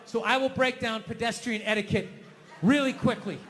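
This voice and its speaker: Ranting stand-up comic in a big hall. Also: male voice, extremely high pitch, normal speed. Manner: loud ranting delivery, big swings from mutters to yells. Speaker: stand-up comedian. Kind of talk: stand-up comedy set. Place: comedy stage in a large venue. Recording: reverberant hall, faint noise.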